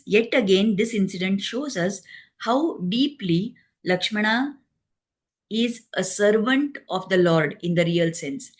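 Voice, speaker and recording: A woman telling a devotional story in a gentle, explanatory way. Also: medium pitch. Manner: gentle, explanatory, acts out quoted dialogue.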